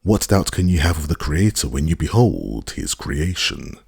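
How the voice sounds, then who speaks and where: A man voicing a weary, good-natured little old priest who rattles off rapid routine church patter in an audiobook. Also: a bass voice, sing-song, gravelly, a little mellow, husky, no echo, studio quality, heavily acted. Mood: hurried.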